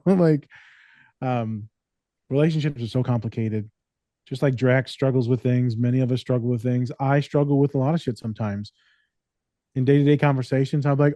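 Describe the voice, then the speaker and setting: A therapist and podcast co-host telling stories in casual, profane, joking chat. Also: male voice, mid-range voice, fairly even intonation, normal speed, mellow, no room sound.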